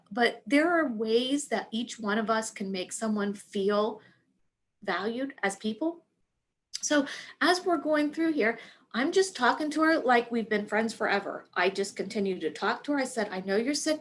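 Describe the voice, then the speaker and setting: A woman telling a personal work story, acting out the dialogue as she goes. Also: fairly high pitch. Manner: animated, acts out quoted dialogue. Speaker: speaker sharing a work experience.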